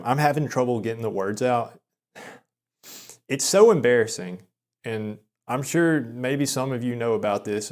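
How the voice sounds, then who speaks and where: A man in his thirties telling a personal story in a rambling, self-deprecating way, with many halting restarts. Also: mid-range voice. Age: 30s. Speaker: vlogger. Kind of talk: confessional storytelling monologue.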